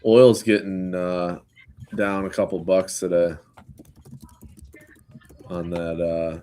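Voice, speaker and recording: A man's voice: low-pitched, flat delivery, takes it slowly, mellow, slight background noise. A man co-hosting a live trading stream, commenting on stocks in a laid-back, dry way. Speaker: trader co-host. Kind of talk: casual trading chat.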